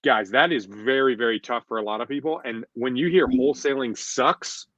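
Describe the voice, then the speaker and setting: A man's voice: mid-range voice, moderate pace, a bit bright, no echo. Emphatic man on a dull dry recording. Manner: emphatic, repeats points, acts out quoted voices. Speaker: podcast co-host. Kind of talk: casual podcast talk.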